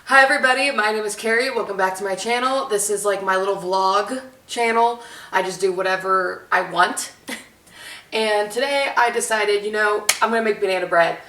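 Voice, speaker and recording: A woman's voice: mid-range voice, normal speed, bright, forceful tone, distant mic. A woman vlogger, chatting in a casual, rambling, giggly way while she bakes. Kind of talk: casual baking vlog chat. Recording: echoey room, voice a bit off-mic.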